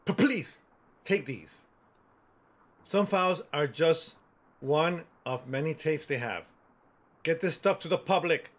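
Man voicing a scared stuttering informant, lively pitch, hurried and pleading. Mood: nervous, urgent. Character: nervous stuttering male stranger on the run.

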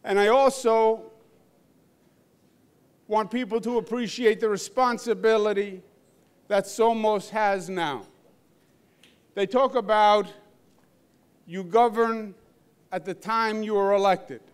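Measured New York man with a Queens accent. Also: high-pitched, steady tone, clean tone. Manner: joking, measured delivery. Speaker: governor giving a speech. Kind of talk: public address at a dinner. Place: large banquet hall.

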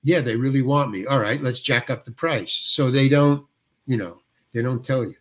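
An older male actor, a guest, telling a long anecdote and acting out the other people's dialogue with lively shifts of voice. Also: mid-range voice, moderate pace. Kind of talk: storytelling anecdote.

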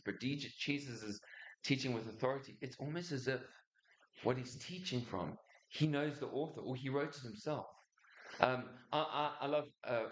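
Man, pastor, middle pitch, chatty sermon, stop-start delivery, echoey church room. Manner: chatty, halting, many restarts and asides. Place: church hall.

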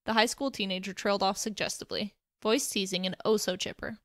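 A woman narrating a fan fiction story aloud in a steady storytelling way. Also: medium pitch, quick pace, no room sound, clean studio sound.

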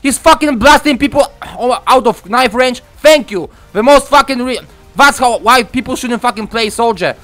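A young man commenting on his own gameplay from home, swearing a lot and ranting with excitement. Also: extremely high pitch, moderate pace, faint music behind. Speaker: gaming commentator. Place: room at home.

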